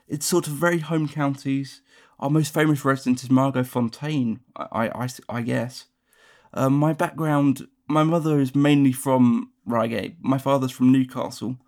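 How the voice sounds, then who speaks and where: A young man from Surrey with a near-RP Surrey accent, reading a story aloud and then rambling casually about his hometown. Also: mid-range voice. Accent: Surrey English, close to received pronunciation. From Surrey, England. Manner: quick, rambling with restarts. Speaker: dialect archive speaker.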